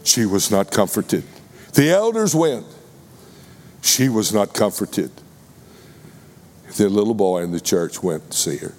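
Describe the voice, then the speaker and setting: A man with a Texas accent preaching a sermon, deliberate and addressing the congregation with questions. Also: fairly low pitch, animated, darkish tone, big-room sound.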